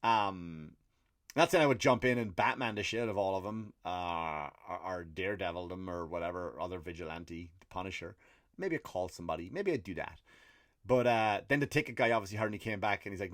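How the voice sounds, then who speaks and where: A man's voice: deep voice, brisk, no room sound, studio quality. Irish man in a profane comic rant. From Ireland. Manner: profane, animated storytelling with acted-out quotes. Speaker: comedian and podcast host. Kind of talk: ranting comedic monologue.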